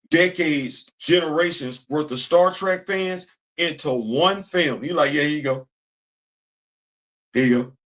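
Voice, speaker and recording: Speaking in a fairly high pitch, a male commentary host keeps things loose and lively, echoing his own phrases and replying to himself in call-and-response fashion.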